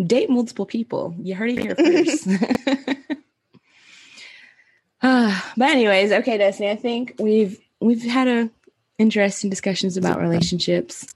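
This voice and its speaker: A woman's voice: on the high side, lively intonation, measured pace, long pauses, a little mellow, breathy edge. A woman in her thirties co-hosting a casual chat, rambling with lots of "like" and frequent laughs. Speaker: podcast co-host.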